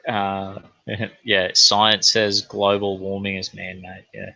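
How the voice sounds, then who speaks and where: Low, forceful-voiced man. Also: level tone, slow pace, vocal fry, no echo. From New Zealand. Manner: rambling, profane, laid-back. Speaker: podcast host. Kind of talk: casual monologue. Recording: dull, lo-fi, dry sound.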